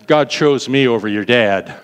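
A man's voice: mid-range voice, measured pace, clean tone, natural voice. Defiant king, firm and emphatic, as a man acts him out in a sermon, with long hall reverb. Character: defiant king answering his wife.

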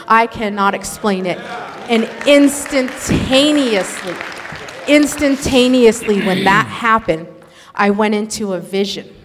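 A woman telling an emotional religious testimony in an earnest, animated storytelling manner. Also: a little high, takes it slowly, a crowd in the background, background noise. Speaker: speaker sharing a testimony. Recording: echoey hall.

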